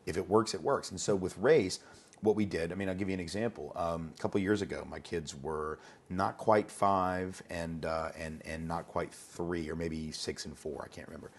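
A man's voice: low voice, fairly even intonation, moderate pace. A man being interviewed as an educator, talking conversationally and telling anecdotes, often repeating words as he starts a thought.

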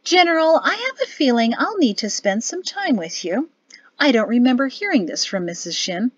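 A woman's voice: fairly high pitch, big pitch swings, normal speed, breathy edge, dry recording, highs cut off, voice pushed up. A woman reading a playful, prodding young wife. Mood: curious. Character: curious, witty young wife, teasing and eager.

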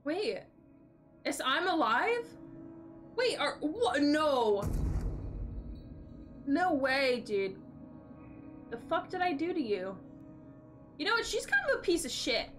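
Young woman streaming a game, high voice, kinda slow talker, goofy and chatty. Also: sing-song, a bit bright, faint music behind. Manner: playful, chatty, greets viewers. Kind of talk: casual live-stream chat while gaming.

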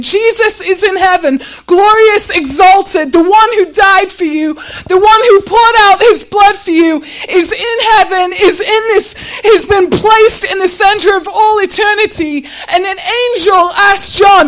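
A woman's voice: very high voice, fairly bright tone. A woman preaching a sermon with passion, often near tears and raising her voice as she repeats rhetorical questions.

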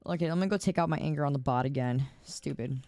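A woman with a low, slightly mellow voice talks fast, with no echo, into a close desk mic. Tired from staying up, she's streaming a game and chatting casually with viewers, exasperated and laughing.

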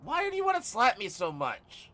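A man hosting a live stream, joking and teasing his co-players and giving the chat shout-outs. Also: sits high, wildly swooping pitch, normal speed. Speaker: streamer host.

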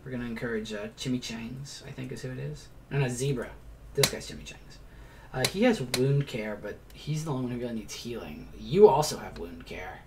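A man's voice: medium pitch, fairly quick, a little mellow, a little hiss or hum. A man giving casual gameplay commentary as a let's player, chatty, explaining as he plays, swearing now and then and muttering asides to himself.

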